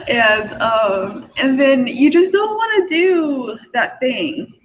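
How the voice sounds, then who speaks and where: A woman's voice: sits high, big pitch swings, very slow. A young woman in casual chat, giggling often and filling her talk with fillers. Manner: chatty, many fillers, frequent giggles. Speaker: forum host sharing spiritual beliefs. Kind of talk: casual monologue. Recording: dull lo-fi recording.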